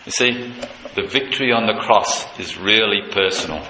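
A male preacher giving a sermon, retelling a scene with passion, dropping low and quiet and then leaping high with excitement. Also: moderate pace. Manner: impassioned, leaps from low intimacy to high excited pitch. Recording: echoey room with faint noise.

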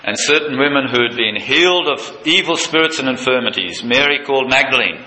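Preacher guy, sermon, swings from hushed to high and excited, bright ringy voice in an echoey room. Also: brisk. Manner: impassioned, leaps from low intimacy to high excited pitch. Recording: echoey room with faint noise.

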